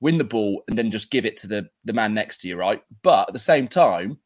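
An English man with a lowish voice hosts a relaxed football podcast. He talks with enthusiasm and drops casual swear words. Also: fairly quick. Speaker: podcast host.

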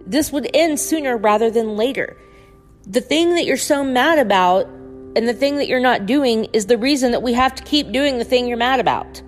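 A woman's voice: medium pitch, darkish tone. A woman hosting a solo podcast, ranting and pleading with listeners in an impassioned, swearing manner. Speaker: podcast host. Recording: long reverb with faint music behind.

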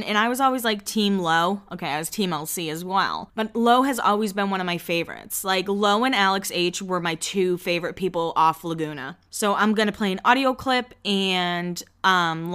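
Smooth-voiced chatty woman podcaster. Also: lowish voice, fairly bright tone. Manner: chatty, gossipy, quick asides. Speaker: podcast host. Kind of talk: casual pop-culture recap.

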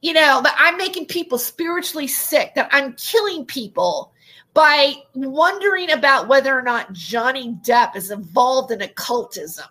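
A woman vlogger recounting an online argument in an indignant, animated way. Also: high-pitched. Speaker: YouTube commentator. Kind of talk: casual vlog rant.

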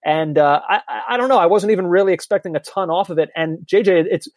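A man's voice: high-pitched, fast talker, dry recording. A man co-hosting a podcast, chatting in an easygoing, reflective way. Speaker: podcast co-host. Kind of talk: casual chat.

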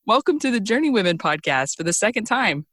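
A woman's voice: medium pitch, very animated, brisk, fairly bright tone, no room sound. A woman hosting a podcast interview in a friendly, giggly way, recording from a closet at home. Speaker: podcast host. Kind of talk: casual interview. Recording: dry closet sound.

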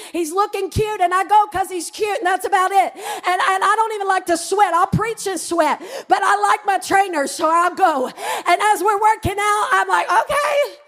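A woman pastor preaching a sermon, mixing personal stories and humour with fervent passages that rise to shouted declarations. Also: very high voice.

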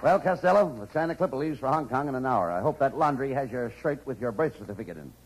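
Gravelly, exasperated straight man. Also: medium pitch, lively intonation, fast talker, loud music behind the voice, low-quality recording. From United States. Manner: exasperated, correcting. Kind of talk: 1940s radio comedy.

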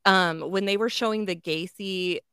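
A woman's voice: mid-range voice, steady tone, moderate pace, pushed and bright, smooth, no echo. A woman co-hosting a casual chat, talking bluntly and emphatically with heavy swearing. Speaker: podcast co-host.

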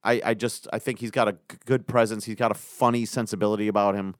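A man co-hosting a podcast in easy, casual chat, tossing in quick dry quips. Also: on the low side, steady tone, dry recording. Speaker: podcast co-host.

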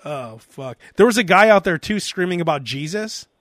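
A man hosting a casual comedy talk show, telling stories in an animated way and breaking into loud impressions. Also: sits high, moderate pace, no echo, clean studio sound. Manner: animated storyteller, barks out impressions. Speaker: podcast host.

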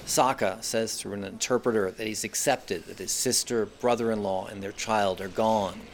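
A male foreign correspondent narrating a scripted news report from the field in a measured, somber way. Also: fairly low pitch, steady tone, slight background noise.

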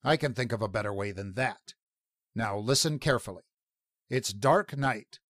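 A man's voice: on the low side, normal speed, a bit bright, no room sound, studio quality. A man reading the lines of a stern space officer who speaks curtly and harshly. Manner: curt, snapping, harsh.

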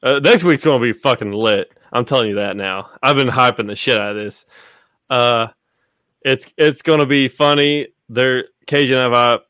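A man with a mid-range, sharp, smooth voice hosts a casual podcast chat at a moderate pace, rambling, swearing, and leaning on lots of fillers. The studio-quality recording has no room sound.

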